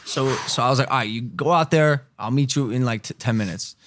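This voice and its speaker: A man in his twenties, a podcast co-host, telling a story in casual chat, animated and laughing, loudly acting out the people in it. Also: mid-range voice, a little fast, slight background noise.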